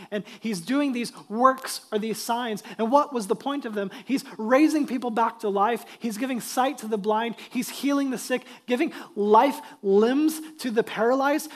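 A middle-aged man preaching a sermon as pastor, talking conversationally and building emphasis on key points. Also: high-pitched.

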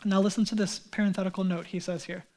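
A male pastor preaching a sermon in a conversational, animated way, with casual asides. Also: high-pitched, fast.

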